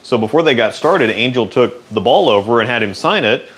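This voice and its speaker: A man hosting a relaxed, rambling chat in a workshop, answering viewer questions. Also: medium pitch, brisk. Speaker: host. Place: indoor workshop.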